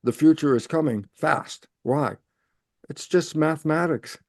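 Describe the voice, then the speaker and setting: A man speaking as an interview guest, explaining in an animated way and answering his own rhetorical questions. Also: on the high side, measured pace, dry recording, clean studio sound.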